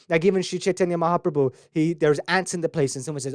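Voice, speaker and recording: A man with a fairly high voice gives a devotional talk over a webcast. He tells stories and acts out the voices in them. The sound is dry and close, with no room echo. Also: quick pace, hardly any pauses, darkish tone. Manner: storytelling, acts out quoted voices. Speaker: spiritual teacher. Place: recorded for a webcast.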